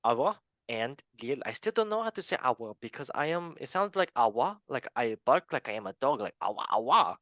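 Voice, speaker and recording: A hammy mock-French football pundit, as a man puts it on, all put-on French accent and cheeky mangled English. The delivery is pitched at an ordinary height for a man, and the sound is dry and close. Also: sing-song, fairly bright tone, no room sound, lo-fi sound. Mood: mock-pompous. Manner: jokey, deliberately mangled English.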